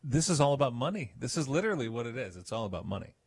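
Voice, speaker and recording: A man's voice: medium pitch, very animated, very fast, slightly rough, dry recording. A man co-hosting a political talk radio show, chatting casually and backing up the host.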